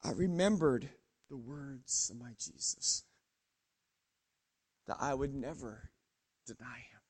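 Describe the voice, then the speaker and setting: A man playing a remorseful male disciple, telling his denial in a dramatic first-person monologue with hushed, broken pauses. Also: mid-range voice, lively intonation, husky, voice pushed down.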